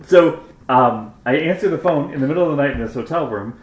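A man's voice: fairly high pitch, lively intonation, fairly quick. A man in his forties from Wisconsin telling a story in casual chat, self-mocking and swearing freely. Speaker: podcast co-host. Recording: roomy echo.

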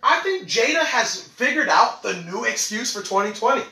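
A man's voice: very high voice, expressive, moderate pace, bright, forceful tone. A man hosting a podcast, joking and slangy, laughing often in a comic monologue. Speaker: podcast host. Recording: roomy, away from mic.

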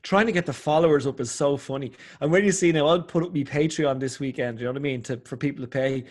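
Irish male guest, higher-pitched, animated storyteller who plays out the voices of people he quotes. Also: quick pace. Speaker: podcast guest, comedian. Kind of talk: casual chat.

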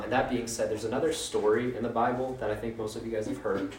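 Man, low voice, casual jokey preacher, roomy echo, a bit away from the mic. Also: distant mic, a little hiss or hum. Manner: informal and joking, with mock voices for quotes. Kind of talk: casual conversational sermon.

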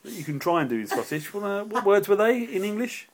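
A woman co-hosting a home podcast, teasing her friend in a dry, deadpan way. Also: medium pitch, fast. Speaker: podcast co-host. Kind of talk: casual chat. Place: home living room, TV on.

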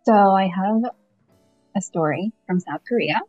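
A young woman from Canada speaks as a podcast guest in a relaxed, animated way, dotting her talk with fillers and quick laughs. The audio is dull and lo-fi with a dry, close sound and faint music behind her. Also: mid-range voice, no echo. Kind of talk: casual conversation.

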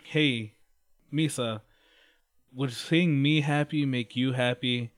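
A man's voice: medium pitch, steady tone, takes it slowly, no echo, lightly acted. A man voicing a scheming young man who coaxes slyly, in a casual retelling.

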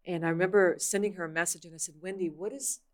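A woman's voice: fairly low pitch, steady tone, fast, a crowd in the background. A woman hosting a casual faith-based podcast chat, talking in an earnest, reflective way with many "you know" fillers. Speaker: podcast host.

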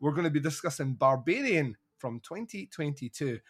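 A man's voice: fairly high pitch, animated, normal speed, breathy edge. A man hosting a podcast, chatting casually and animatedly, swearing and acting out movie scenes. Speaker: podcast host. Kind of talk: casual chat.

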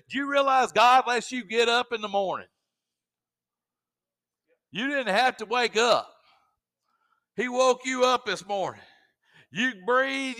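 Fervent high-voiced male preacher. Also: bright, forceful tone. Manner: fervent, exhorting preaching with folksy asides. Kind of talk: sermon.

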